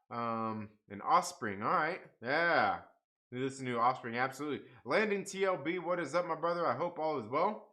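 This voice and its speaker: A man's voice: medium pitch, lively intonation, normal speed, bright, forceful tone. A young man hosting a live comics stream, chatting casually, reading the chat aloud, swearing and laughing often.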